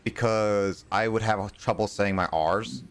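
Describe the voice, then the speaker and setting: A man's voice: lowish voice, unhurried, clean tone. A male streamer chatting casually while playing a game, rambling with plenty of fillers. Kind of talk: casual chat while gaming.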